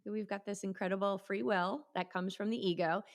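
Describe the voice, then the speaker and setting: A middle-aged woman talking casually as an interview guest, animated and acting out quoted voices, speaking as a yoga teacher and triathlete. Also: medium pitch, brisk.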